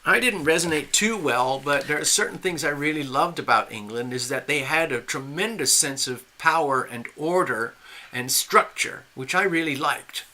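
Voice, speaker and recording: Man, livestream host; rambling and opinionated, somewhat high, very bright and forceful voice, answers chat as he goes. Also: normal speed. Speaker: livestream tarot reader. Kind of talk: casual live-stream monologue.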